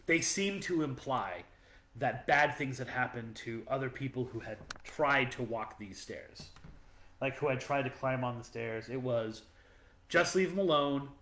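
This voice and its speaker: A man's voice: medium pitch, a little slow, a bit bright. A man co-hosting a podcast, telling a story in a rambling, casual way with many fillers. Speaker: podcast co-host. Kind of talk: casual chat. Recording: echoey room.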